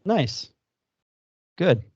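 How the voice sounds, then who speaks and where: A man's voice: extremely slow, a little mellow, no room sound. A male podcast co-host giving short encouraging reactions in a casual chat. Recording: dry, dull lo-fi sound.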